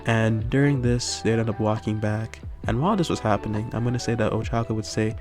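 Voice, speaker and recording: A man's voice: lowish voice, brisk, few pauses, over music. A man improvising a fan story aloud in a rambling way, full of fillers and tag questions. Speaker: channel host.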